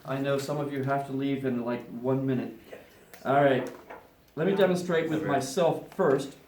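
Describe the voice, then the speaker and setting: A man runs a science demonstration for a class, walking through every step aloud in a playful, joking way. His voice sits at an ordinary middle pitch. The room rings with echo, and a faint hiss runs underneath. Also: steady tone, normal speed, a little mellow. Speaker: science teacher. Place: classroom with students.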